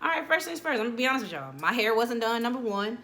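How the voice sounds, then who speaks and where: In a casual motivational vlog, a woman in her late twenties chats candidly to the camera, calling her viewers "y'all." Her voice sits fairly high and sing-song, and she talks fast with a sharp edge.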